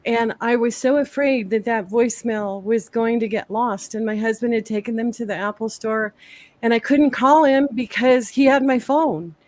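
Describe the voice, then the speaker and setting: Higher-pitched woman rambling through a story, lots of ums, dry sound. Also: fairly even intonation, moderate pace, a little mellow, no echo. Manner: chatty storytelling with many fillers. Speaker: guest tarot reader and medium. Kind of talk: casual chat.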